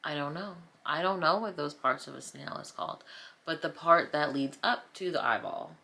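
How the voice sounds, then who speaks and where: A woman's voice: sits low, moderate pace, vocal fry, bright, forceful tone. A woman in her thirties from New Jersey, chatting casually to her viewers as she paints, rambling, self-mocking and playfully dramatic. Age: 30s. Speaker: vlogger. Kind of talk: casual chat while painting. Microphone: camera mic.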